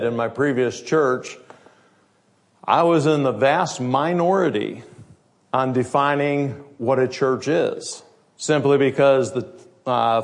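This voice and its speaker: A male pastor delivers a sermon in a conversational preaching manner. He speaks at a middle pitch, works through the text with everyday asides, and puts rhetorical questions to the congregation. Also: gravelly.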